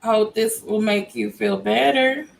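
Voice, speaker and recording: Slow-talking higher-voiced woman livestream host. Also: gravelly, rough recording. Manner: greets viewers by name, chatty and churchy. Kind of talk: casual livestream chat.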